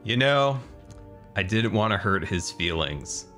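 A man giving excitable gameplay commentary, often exclaiming, laughing and talking to himself and to the creatures in the game. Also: fairly low pitch, a little slow, faint music behind. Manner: exclaims and laughs often, repeating panicked cries. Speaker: gaming video creator.

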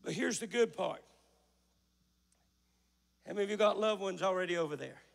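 A male pastor, preaching a folksy sermon in a church that builds to a shout. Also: high voice, normal speed, vocal fry, in a large hall. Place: church sanctuary.

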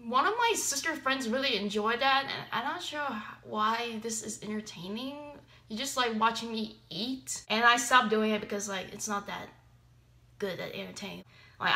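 Bright-voiced young woman rambling casually. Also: medium pitch, normal speed, vocal fry. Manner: rambling, many fillers, self-deprecating. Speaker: YouTuber. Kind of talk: casual reaction commentary.

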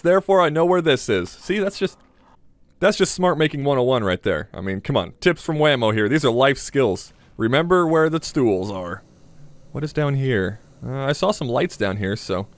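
A young man giving joking, excitable commentary while playing a survival horror game, talking to his viewers and swearing when startled. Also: medium pitch, no echo. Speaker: gaming channel host.

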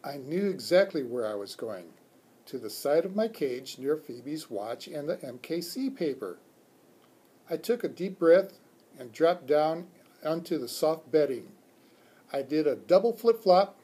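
A man reading a children's chapter book aloud for a school, expressive and doing character voices. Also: fairly high pitch, measured pace, husky. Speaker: school read-aloud reader.

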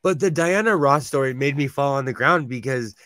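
A man from California, hosting a live sewing show and chatting in an animated, gossipy way, telling stories and laughing often. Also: medium pitch, fairly quick, dry recording, studio quality. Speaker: host. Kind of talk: casual chat.

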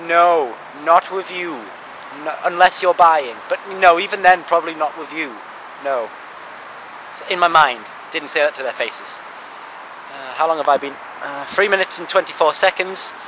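A man's voice: a little high, bright, forceful tone, low-quality recording. A young man from northeast England, sitting on a cold street at night and chatting to his camera in a rambling, self-mocking way. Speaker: vlogger. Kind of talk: casual chat to camera. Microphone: handheld camera's built-in mic. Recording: street noise and passing traffic.

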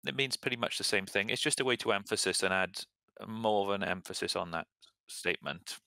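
A young man casually explaining example sentences as an English teacher, relaxed and chatty. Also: on the low side, a little fast, vocal fry, no echo. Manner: relaxed, chatty, laughs at own slips.

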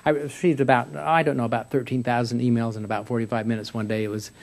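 A man's voice: mid-range voice, flat delivery, quick pace, a little mellow. A man in his sixties, an American university president, giving a humorous speech and reading letters aloud in a folksy, storytelling way. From United States. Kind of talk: humorous public speech at a luncheon forum. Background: audience laughter.

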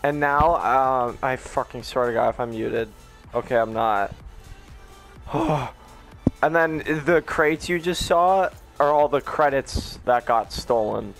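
A young man gamer reacting live to a crate opening, ecstatic and shaky, shouting at times and close to tears. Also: medium pitch, takes it slowly, gravelly, soft background music.

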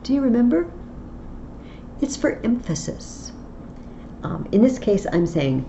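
A woman's voice: fairly low pitch, expressive, a little slow, creaky, a little hiss or hum. A woman teaching a Latin lesson online, explaining patiently step by step. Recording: slightly dull lo-fi audio with faint ambience.

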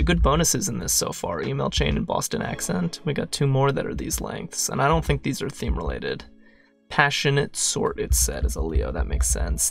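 A man's voice: mid-range voice, creaky. A man solving a crossword puzzle while thinking aloud, muttering, questioning himself and trailing off. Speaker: crossword solver.

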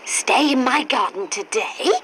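A woman's voice: on the high side, animated, unhurried, sharp tone, slight background noise, low-quality recording. An actress playing a prim, fussy older neighbour who scolds and fusses over her own well-behaved dog. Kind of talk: children's TV acting.

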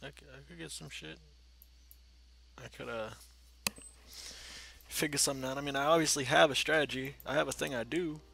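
Talking to himself while he plays, a man hosting a gaming channel rambles casually and curses freely in his let's-play commentary. His mid-range voice is brisk, steady in tone and a bit bright, with vocal fry and frequent pauses.

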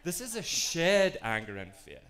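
A young South African man with a South African accent, giving a talk on inclusion in an animated, self-deprecating storytelling way. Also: on the high side, a little slow. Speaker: diversity and inclusion speaker.

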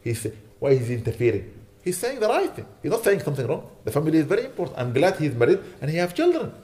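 Fast-talking fervent male sheikh preaching. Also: on the high side, huge pitch swings. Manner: fervent, emphatic exhortation that softens into quiet prayer. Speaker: sheikh giving a weekly lecture. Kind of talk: mosque lecture and closing prayers.

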